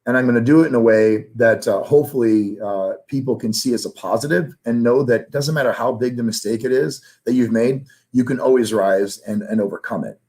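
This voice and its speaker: A man speaking as a guest in a candid interview, earnest and close to tears, his pitch climbing when feelings run high. His voice sits in an ordinary middle register. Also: a little fast, hardly any pauses, darkish tone. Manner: earnest, emotional, rises in pitch when moved. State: emotional, near tears.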